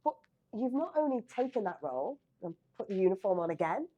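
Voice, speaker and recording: A woman's voice: medium pitch, big pitch swings, brisk, mellow, breathy edge. A woman hosting an interview, asking conversational, encouraging questions. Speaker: host. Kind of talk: podcast interview.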